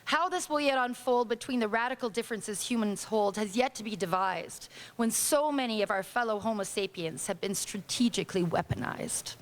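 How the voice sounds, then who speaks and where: A woman's voice: mid-range voice, moderate pace, few pauses. A Canadian woman reading her own protest poem to a live audience in a small lounge, with impassioned, indignant declamation. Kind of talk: spoken-word poetry reading.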